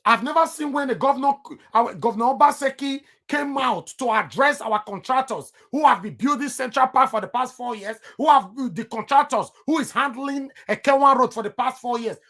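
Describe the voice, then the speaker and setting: A man's voice: very high-pitched, fairly quick, few pauses, a bit bright. A man with a Nigerian accent giving heated political commentary on his vlog, emphatic and repeating himself for stress.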